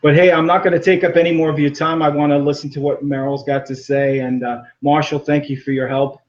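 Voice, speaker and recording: A man with a fairly high voice rambles through a casual call-in chat, animated and quick to laugh. He is heard over a muffled, lo-fi line. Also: a little hiss or hum. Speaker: caller.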